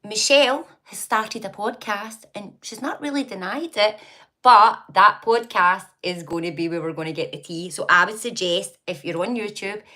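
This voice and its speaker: With a sharp, mid-range voice at a moderate pace, a woman from Scotland runs a casual live chat, reading comments, greeting viewers by name, gossiping, and laughing a lot.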